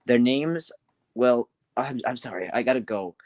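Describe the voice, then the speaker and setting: A man's voice: medium pitch, animated, measured pace, a little mellow, no room sound, natural voice. A man voicing a kind, busy male steam engine who talks in a worried, rambling way. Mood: concerned.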